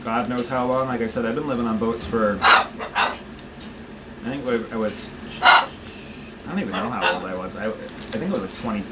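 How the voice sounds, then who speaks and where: A man's voice: mid-range voice, moderate pace, pauses often, very noisy. A man in his thirties from the United States, rambling through a casual vlog update with frequent restarts, filming himself on a handheld camera while walking around his home. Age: 30s. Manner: rambling, restarts often, talks to his pet. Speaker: vlogger. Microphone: handheld camera on a gimbal.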